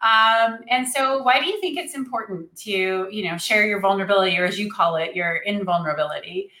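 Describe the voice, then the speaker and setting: A woman's voice: medium pitch, a little fast, pushed and bright, echoey room. A woman hosting an interview, upbeat and chatty, often laughing. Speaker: podcast host. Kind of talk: conversational interview.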